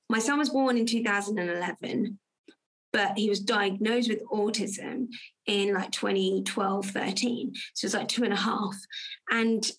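A woman's voice: mid-range voice, creaky. A woman guest in a conversation, earnestly telling a personal story and acting out the dialogue she quotes. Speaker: guest, confidence coach.

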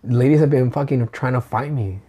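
A man's voice: mid-range voice, a little fast, warm tone. A man hosting a casual podcast, telling stories with lots of swearing and laughter. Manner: profane, laughing storyteller. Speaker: podcast host and stand-up comic. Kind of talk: casual chat.

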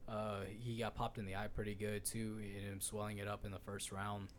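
A man's voice: fairly low pitch, monotone, brisk, a little hiss or hum. A man co-hosting a casual sports podcast, rambling and swearing freely with lots of fillers. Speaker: podcast co-host.

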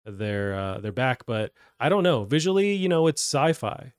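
A man's voice: mid-range voice, very animated, normal speed, clear, resonant tone, no echo, clean studio sound. A man hosting a gaming news show, talking in a loose, rambling way with many fillers. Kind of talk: casual gaming news chat.

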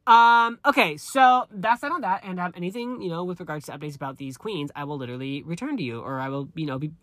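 A man's voice: sits high, quick pace, fairly bright tone. A man in his thirties hosting a solo pop culture gossip podcast, reading news stories aloud with campy, gushing asides and frequent self-corrections. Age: 30s. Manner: campy and gushing, calls listeners honey. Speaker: podcast host.

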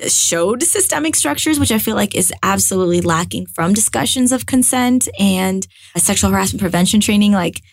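Young american woman comedian chatting on a podcast, fast restarts and fillers, mid pitch. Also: no echo. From United States. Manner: chatty and animated, lots of filler words and restarts. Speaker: guest, actress and comedian. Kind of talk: casual interview chat.

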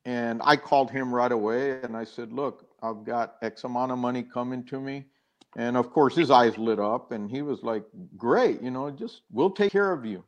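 A man's voice: mid-range voice, steady tone, normal speed, lo-fi sound. An older man, a guest in an interview, earnestly telling a personal story with many restarts and acted-out quoted dialogue.

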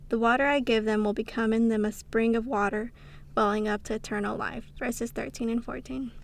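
A woman reads passages of a devotional book aloud for her podcast. Her voice is fairly high but carries a gravelly fry, and she reads at a steady, unhurried pace, slowing down on key phrases. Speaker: podcast co-host.

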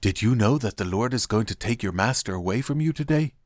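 A man doing eager, high-pitched prophets. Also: lively intonation, fairly quick, no room sound, studio quality, natural voice. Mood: urgent. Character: group of male prophets, eager and urgent.

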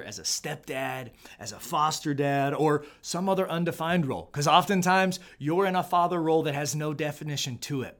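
A middle-aged man giving an earnest motivational talk to fathers, repeating his key points and often checking in with "right?". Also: mid-range voice. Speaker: speaker on fatherhood.

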